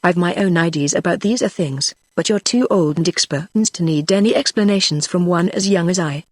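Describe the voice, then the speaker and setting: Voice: mid-range voice, a little fast, dry recording, clean studio sound, close to an everyday voice. A text-to-speech voice reading the lines of a young male frontier hunter who speaks in an earnest, rustic backwoods dialect. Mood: solemn. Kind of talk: synthetic audiobook reading.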